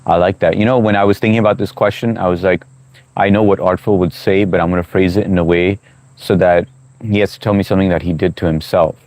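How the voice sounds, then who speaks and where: A man's voice: low-pitched, fairly even intonation, fast talker, darkish tone, no echo. A middle-aged man hosting a casual livestream outdoors, reading viewer comments aloud, joking and chatting while he eats. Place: outdoors on a walk.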